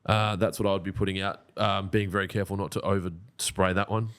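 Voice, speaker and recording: A man's voice: sits low, level tone, fast, fairly bright tone. A man, co-hosting a podcast in blunt, joking, casual chat. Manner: blunt, joking, swears freely. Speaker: podcast co-host.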